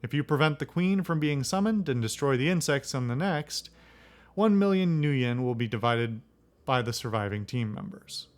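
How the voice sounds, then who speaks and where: A man's voice: mid-range voice, lively intonation, normal speed, lightly acted. A man reading game dialogue aloud as a formal male corporate executive who makes veiled threats. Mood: cold, formal.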